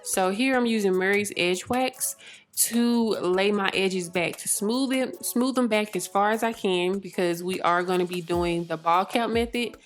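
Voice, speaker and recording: A woman's voice: mid-range voice, unhurried, faint music behind. Chatty young woman narrating a tutorial. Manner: chatty, laughs often, rambling fillers. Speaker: beauty vlogger. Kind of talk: casual tutorial voice-over.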